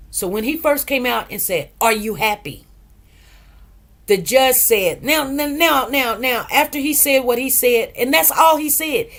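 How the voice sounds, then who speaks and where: Sassy, emphatic woman commentator. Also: fairly high pitch. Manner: emphatic, animated retelling with sassy asides. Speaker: true crime news commentator. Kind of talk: casual commentary.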